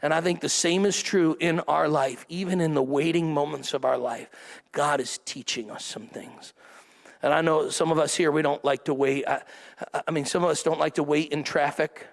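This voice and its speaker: A man's voice: a little high, steady tone, normal speed, gravelly, long reverb tail. A middle-aged man preaching a sermon to a church congregation, with a chatty style full of asides that calls on the crowd to answer. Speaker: pastor. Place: church service before a congregation.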